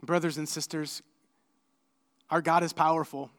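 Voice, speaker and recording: A middle-aged man preaching as a pastor, telling a personal story in a conversational, animated way before leading prayer. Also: fairly high pitch, normal speed. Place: church sanctuary. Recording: church hall with long reverb.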